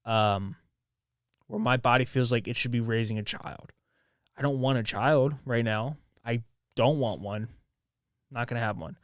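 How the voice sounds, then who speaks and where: A man's voice: mid-range voice, measured pace, pauses often, no echo, studio quality. A man in his twenties hosting a solo podcast, speaking candidly in a rambling, raw way with frequent restarts and swearing. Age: 20s. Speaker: podcast host.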